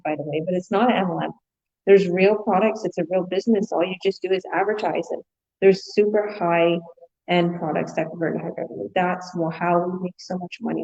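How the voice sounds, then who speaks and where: A woman's voice: fairly low pitch, darkish tone, lo-fi sound. A woman hosting a casual online business chat, upbeat, encouraging and rambling as she talks. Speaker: host.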